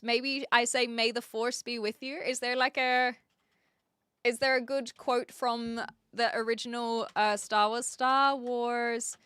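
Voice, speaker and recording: A giggly young woman streamer chatting with her viewers in a bright, sharp voice that sits a little high. She talks slowly, and the sound is dry and close, with no room echo. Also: clean tone. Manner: giggly, laughs often. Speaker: live streamer. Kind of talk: casual chat with viewers.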